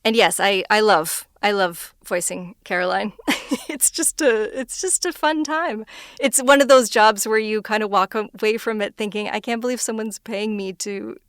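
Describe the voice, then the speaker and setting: A woman voice actor talks casually in an interview, easily laughing between thoughts. Her voice is smooth and clear, and it sits in the middle of the range for a woman. The recording is dry and close. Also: normal speed, no room sound. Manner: self-described higher-pitched voice. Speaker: voice actor guest.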